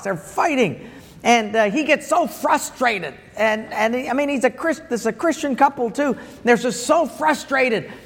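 Male pastor, high voice, joke-telling humorous sermon, in a reverberant sanctuary. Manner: joke-telling, chuckling, animated. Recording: long hall reverb.

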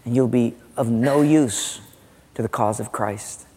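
A calm, patient God quietly rebuking those who grumble, as a preacher puts him on. The tone is soft and firm, carried on a long hall reverb. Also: male voice, mid-range voice, unhurried, breathy edge, pitched below the performer's own voice. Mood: gently rebuking.

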